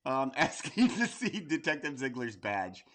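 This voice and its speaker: Excitable guy on a wrestling pod, hyper, laughing, cussing a lot, mid voice. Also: medium pitch, measured pace. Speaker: podcast co-host. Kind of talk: casual wrestling podcast chat.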